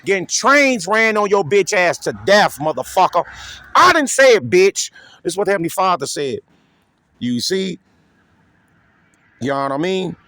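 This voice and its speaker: A man preaching an improvised, profane sermon. He reads scripture aloud, keeps asking "you see?" and breaks into loud whoops. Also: sits high. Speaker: street preacher.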